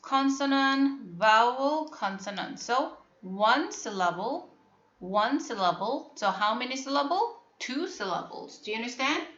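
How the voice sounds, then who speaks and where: A woman teaching a phonics lesson online, talking slowly and patiently and repeating her questions to prompt the students. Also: on the high side, lively intonation, a bit bright, reverberant, dull audio. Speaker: English teacher.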